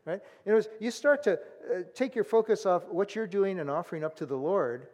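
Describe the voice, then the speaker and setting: A man preaching a sermon in a conversational, animated way, acting out the voices of people in the story. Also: sits high, fairly quick, long reverb tail. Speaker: pastor.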